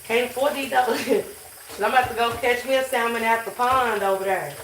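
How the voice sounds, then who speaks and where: A woman's voice: fairly high pitch, normal speed, a bit bright, slight background noise. Woman chatting loosely, echoey room. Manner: loose, profane and joking. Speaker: livestream host reading chat. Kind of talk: casual chat. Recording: echoey room, mic at a distance.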